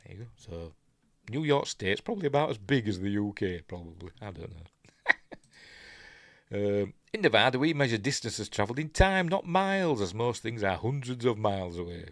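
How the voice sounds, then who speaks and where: A man's voice: lowish voice, big pitch swings, normal speed, dry recording. A man with a Yorkshire accent rambling casually through a film breakdown, often trailing off and mumbling asides. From England. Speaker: film reviewer.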